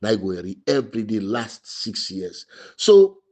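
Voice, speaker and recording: A middle-aged man from Sierra Leone with a Sierra Leonean Krio English accent, giving impassioned radio commentary as a democracy activist, repeating his phrases and swinging from loud stress to low murmurs. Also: very animated, measured pace.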